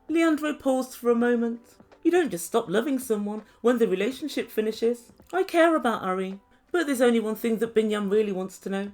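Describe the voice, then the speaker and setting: A woman's voice: a little high, a little mellow. Sarcastic woman recapping gossip. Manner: sarcastic, gossipy, dramatic pauses. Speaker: reality TV reviewer.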